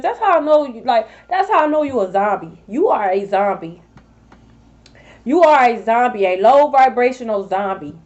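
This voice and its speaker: A woman's voice: on the high side, darkish tone, lo-fi sound. A woman tarot reader scolding her rivals in a sassy, profane vlog monologue. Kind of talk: confrontational spiritual vlog monologue.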